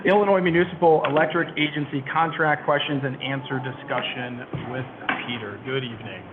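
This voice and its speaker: A man chairing a city committee meeting, calling items and votes in brisk procedural phrasing. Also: medium pitch, fairly even intonation. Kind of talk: running a meeting. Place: council meeting room. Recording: tinny distant meeting audio with loud hiss.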